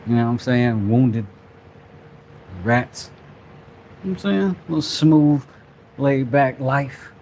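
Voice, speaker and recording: Speaking slowly with long pauses, this man has a medium-pitched, slightly mellow voice, and slight background noise can be heard. He's a craft channel host and father, joking and rambling playfully as he works in a casual workshop vlog.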